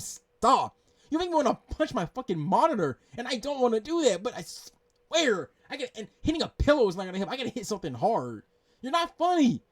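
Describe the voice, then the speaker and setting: A man's voice: extremely high pitch, no echo. A man hosting a reaction video, ranting in exasperation, swearing and repeating himself. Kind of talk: angry rant commentary.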